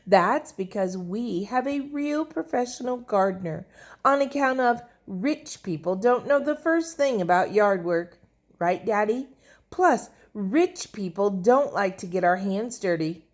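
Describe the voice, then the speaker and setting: A woman's voice: mid-range voice, expressive, unhurried, pitched above the performer's own voice. A woman reading a children's storybook, voicing a spoiled rich little girl who whines and shows off. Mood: showing off. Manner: whiny, showing off.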